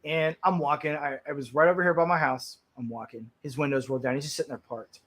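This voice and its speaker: A man hosting a blunt talk stream, telling stories in a profane, animated way and stumbling over repeated words when worked up. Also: a little high, fast. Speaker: stream host. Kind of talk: blunt casual storytelling.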